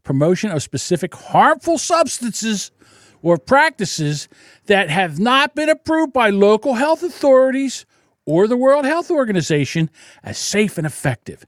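A man's voice: high-pitched, big pitch swings, measured pace, no room sound, clean studio sound. A man hosting his own podcast, ranting in a sarcastic, indignant way and laughing often. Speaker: podcast host. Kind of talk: solo podcast livestream rant.

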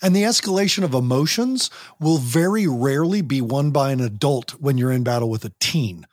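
A man appears as a guest on a podcast interview, a youth program director who talks animatedly and acts out parents and teens in quoted voices. His mid-range voice is expressive and slightly dark, moving a little fast. The recording is dry and studio quality.

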